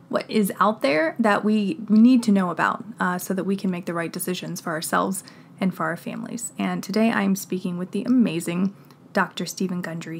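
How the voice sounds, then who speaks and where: A woman hosting a podcast, speaking earnestly and directly to her listeners before welcoming a guest. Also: medium pitch. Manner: earnest, warm-hearted direct address to listeners. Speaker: podcast host. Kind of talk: podcast intro and interview.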